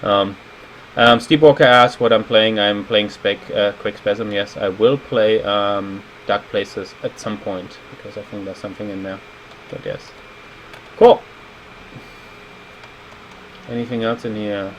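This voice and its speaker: A man's voice: on the low side, fairly even intonation, unhurried, long pauses, a bit bright, low-quality recording. A man in his thirties streaming as a level designer, chatting casually and rambling while he reads viewer comments aloud. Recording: faint air-conditioning hum.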